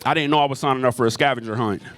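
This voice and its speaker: A man's voice: medium pitch, rapid-fire, a bit bright, slight background noise. A man doing a stand-up comedy set in a club, telling a profane story with lots of crowd work.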